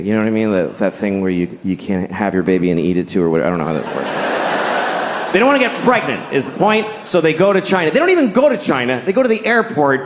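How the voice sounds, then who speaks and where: Middle-aged guy doing stand-up, rambling self-mocking stories, bouncy delivery, echoey room with crowd noise. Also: medium pitch. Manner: rambling, self-deprecating storytelling. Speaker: stand-up comedian. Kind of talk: stand-up comedy set. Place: live stage before an audience. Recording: roomy live venue with crowd noise.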